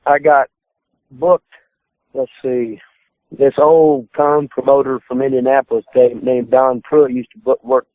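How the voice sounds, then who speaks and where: A medium-pitched man, a retired pro wrestler guest, calls a podcast to tell stories full of constant swearing, loudly acting out his own lines. The phone audio is tinny and dry, with no echo.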